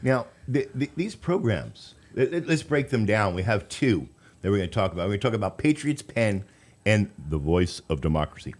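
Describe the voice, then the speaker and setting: Guy hosting a radio show, lowish voice, chatty, trips over his words a bit. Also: big pitch swings, normal speed. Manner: chatty, stumbling restarts. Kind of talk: casual radio chat.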